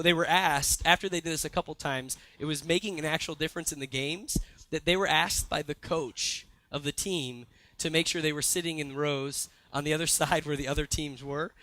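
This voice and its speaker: Young man, sermon, bright tone, high voice, animated storytelling. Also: dry recording. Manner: storytelling with lively retellings and asides. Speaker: pastor. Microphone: handheld or stage mic.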